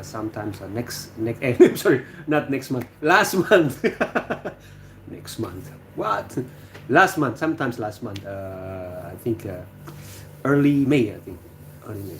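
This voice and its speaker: A man from Indonesia with an Indonesian accent, hosting a casual livestream and reading out viewer comments in a hesitant, chatty way with many restarts and throat-clears. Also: fairly low pitch, slight background noise. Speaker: livestream host.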